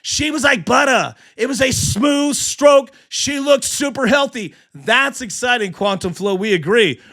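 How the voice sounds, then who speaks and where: A man hosting a sports live stream, talking with hyped excitement and firing back at chatters. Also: extremely high pitch. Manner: hyped, fast, heckling chatters. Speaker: sports livestream host.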